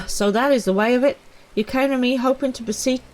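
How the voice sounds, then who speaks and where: A woman's voice: fairly high pitch, a little fast, a little mellow, soft background music, voice pushed up, close to an everyday voice. A woman voicing a formal, courtly storyteller from a far land, reading grand, old-fashioned lines aloud from a game.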